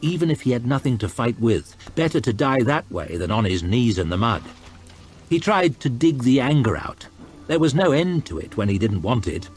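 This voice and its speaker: Guy reading a book aloud, really animated voice, soft music in the back. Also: mid-range voice, normal speed. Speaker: audiobook reader. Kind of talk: storytime narration over gameplay.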